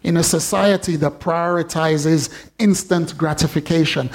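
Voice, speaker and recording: A man with a high-pitched voice preaching a sermon. He tells a story and builds up excitement as it goes. He often repeats words as he talks. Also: moderate pace.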